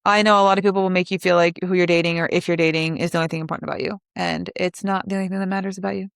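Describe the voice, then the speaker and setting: A woman's voice: on the low side, level tone, very fast, creaky, clean tone, no echo, studio quality. A young woman in her twenties hosting a podcast alone, chatting casually and animatedly with lots of likes and asides. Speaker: podcast host. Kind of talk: casual solo podcast chat.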